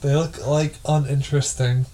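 A man's voice: on the high side, flat delivery, moderate pace, mellow, slight background noise. Dry, sarcastic young man cohost. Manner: dry, sarcastic, hums tunes and trails off mid-sentence. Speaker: podcast co-host. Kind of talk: casual chat.

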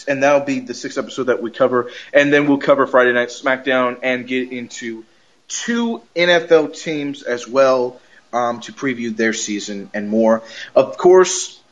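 A man hosting a podcast, recapping a TV episode in rambling, animated casual chat. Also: on the high side. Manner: rambling, animated, laughs often. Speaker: podcast host.

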